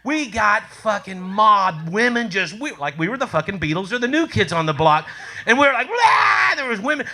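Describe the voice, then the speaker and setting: High, bright, animated comedian man. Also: a little fast. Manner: animated, swearing, laughing through lines. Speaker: comedian telling a memorial story. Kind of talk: profane stand-up storytelling. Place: comedy club stage.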